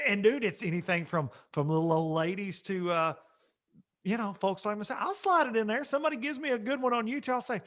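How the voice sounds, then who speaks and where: A male podcast co-host who jokes and spins long, loose stories in a relaxed chat. His voice is high and bright. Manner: joking, drawn-out storytelling.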